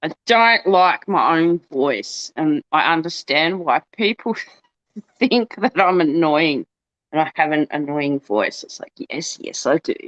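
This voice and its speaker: A woman's voice: low voice, expressive, unhurried, fairly bright tone, lo-fi sound. A woman hosting her channel, chatting casually and rambling in a self-deprecating way. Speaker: channel host. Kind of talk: casual chat.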